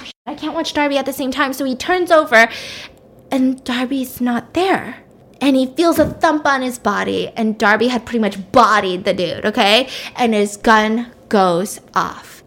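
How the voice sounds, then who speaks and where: A young woman casually retelling a fictional mystery story, chatty and acting out the characters' lines. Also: fairly high pitch.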